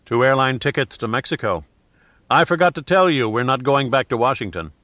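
A man reading the lines of a calm, dry-witted male adventurer in his own voice, on a dull dry recording. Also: mid-range voice, a little fast, no echo, natural voice.

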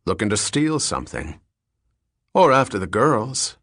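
A man's voice: on the low side, big pitch swings, a little slow, a bit bright, no room sound, clean studio sound, full character voice. A man voicing a brash, gossipy young Marine private who speaks bluntly. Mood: cheeky.

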